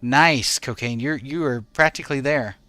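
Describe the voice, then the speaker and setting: A man with a bright, crisp voice chats with his stream viewers from his home, greeting and thanking them by name. Faint game music plays behind his close, dry mic. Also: medium pitch, normal speed, dry recording. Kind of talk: live stream chat with viewers. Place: home in regional Australia.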